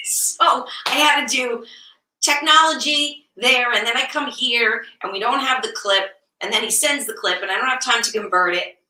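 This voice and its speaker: Woman co-host, bright tone, heard a bit off-mic in an echoey cellar, animated and flustered. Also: a little high, normal speed, a little hiss or hum. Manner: animated, easily flustered storyteller. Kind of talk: casual live-show banter. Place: wine cellar. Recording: echoey room, distant mic.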